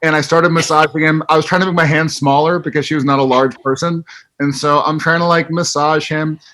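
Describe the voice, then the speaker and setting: A man in a casual video-call chat, telling a long funny story with hushed asides and playful mock voices. His voice sits a little high, with a faint noise bed behind it. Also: fairly even intonation, fairly quick, low-quality recording.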